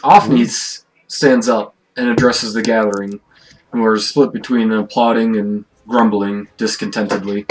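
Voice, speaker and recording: A slow-talking male game master running a tabletop session online, his voice sitting a bit low. He stumbles and restarts his sentences, then eases into unhurried scene narration. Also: steady tone, low-quality recording. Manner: halting, restarts often, then unhurried description.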